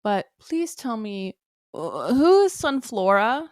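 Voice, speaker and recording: A woman's voice: a little high, sing-song, slow, dry recording, clean studio sound. A woman co-hosting a podcast, casually asking curious questions and giggling. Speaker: podcast co-host.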